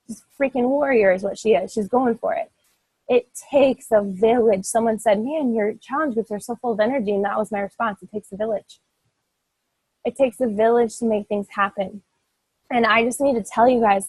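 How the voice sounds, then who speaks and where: Earnest husky young woman coach. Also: a little high, dry recording, poor audio. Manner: earnest, emphatic, rambling with many "like"s. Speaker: fitness team coach. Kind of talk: motivational talk to her team.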